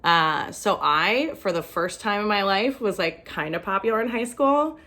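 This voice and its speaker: A woman's voice: mid-range voice, animated, moderate pace, sharp tone. A young woman from Ohio performing a stand-up comedy set, self-deprecating and often laughing at her own jokes. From Ohio, USA.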